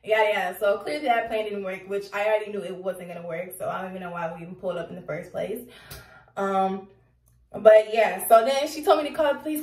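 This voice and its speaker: A young woman telling a casual storytime, animated and slangy, laughing as she talks. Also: mid-range voice, a little fast, distant mic. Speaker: vlogger. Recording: roomy echo, off-mic.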